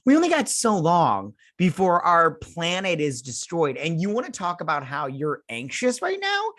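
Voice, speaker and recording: A man's voice: a little high, a bit bright, no room sound, studio quality. A man hosting a TV breakdown, recapping an episode in a casual, sarcastic rant, mocking characters with silly quotes, laughing and swearing. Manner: laughs often, swears, trails off with fillers. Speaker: host of a TV breakdown channel.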